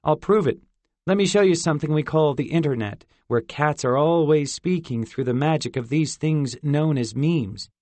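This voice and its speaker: A male narrator voicing a quick-witted boy who bluffs hastily to cover for a friend. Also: fairly high pitch, darkish tone, dry recording, pitched above the performer's own voice, close to an everyday voice. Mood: bluffing. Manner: hasty, bluffing.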